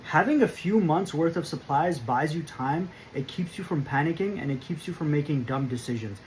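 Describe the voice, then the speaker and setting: A man with a slightly raised voice talks through a scripted prepping explainer. He is firm and emphatic, and he spaces his points in a measured rhythm. A faint hum of noise sits under the recording. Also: fairly high pitch, lively intonation, darkish tone, low-quality recording. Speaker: prepping channel host.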